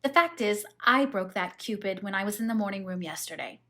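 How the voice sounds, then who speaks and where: A woman's voice: mid-range voice, expressive, brisk, sharp tone. A woman reading the lines of a shy, anxious young bride in an audiobook, in a hesitant, flustered manner.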